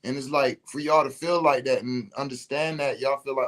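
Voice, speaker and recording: Male host, ordinary pitch, venting emphatically in loose slang. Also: normal speed, few pauses, a bit bright. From Detroit. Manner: emphatic, slangy, repeats himself. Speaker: podcast host. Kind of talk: casual spiritual rant.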